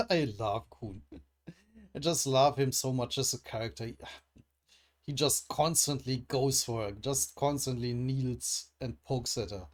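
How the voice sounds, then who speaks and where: A man reading a comic aloud into a desk microphone, with commentary along the way. He talks slowly and in a musing way. He often hesitates and restarts, thinking aloud between lines of the story. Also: mid-range voice, lively intonation. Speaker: comic readthrough host.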